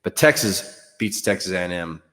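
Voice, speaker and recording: A man's voice: low-pitched, animated, moderate pace, bright, forceful tone, big-room sound. A man hosting a solo sports show, talking in a frank, offhand way with fillers and some mild cursing. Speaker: sports podcast host. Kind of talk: casual solo sports commentary.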